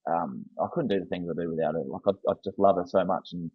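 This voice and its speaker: A man's voice: deep voice, steady tone, quick pace, husky, dry recording, lo-fi sound. An Australian man in his thirties, a football coach speaking as a guest in a casual interview, candid and earnest, often restarting his sentences.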